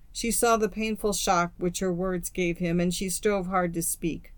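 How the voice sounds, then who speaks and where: Storyteller reading old short stories out loud, steady and expressive, dry close mic, middling pitch. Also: a little slow, few pauses, clean tone, no echo. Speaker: story reader. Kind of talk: storybook narration.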